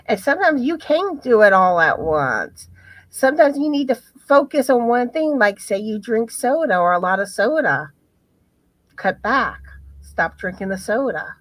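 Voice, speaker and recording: A woman's voice: on the high side, big pitch swings, moderate pace, no room sound. A woman co-hosting a casual live chat, rambling with many fillers and restarts. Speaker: co-host.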